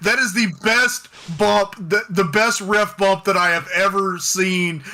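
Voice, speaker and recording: A man co-hosting a wrestling review podcast, recapping a match in excited, casual chat, swearing and getting loud. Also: high voice, a little slow. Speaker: podcast co-host.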